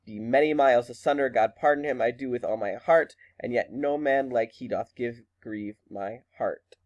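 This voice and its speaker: A man's voice: medium pitch, moderate pace, darkish tone, highs cut off, close to an everyday voice. A man reading a defiant young daughter.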